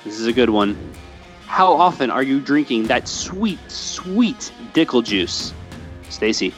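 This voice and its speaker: A man's voice: medium pitch, expressive, moderate pace. Man hosting a casual podcast, faint music. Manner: upbeat, steers segments. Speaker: host.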